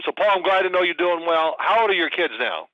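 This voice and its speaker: Older man, storytelling, higher voice, dry muffled sound. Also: fast talker, no room sound. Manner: animated storyteller, mimics shouting in anecdotes. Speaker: guest. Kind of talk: casual podcast chat.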